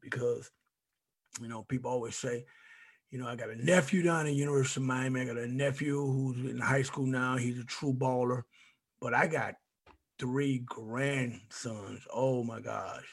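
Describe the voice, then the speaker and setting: Older man guest, gravelly husky grandpa voice, animated storyteller. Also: medium pitch, moderate pace. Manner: animated storyteller, many restarts. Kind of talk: casual chat.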